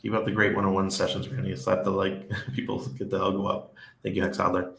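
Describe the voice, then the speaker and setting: A man's voice: deep voice, completely flat delivery, brisk, creaky, fairly bright tone, faint music behind. A man hosting a casual live stream, chatting loosely and reading viewer comments aloud. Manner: rambling, with frequent restarts and laughs. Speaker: livestream host. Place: living in Panama. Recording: echoey room.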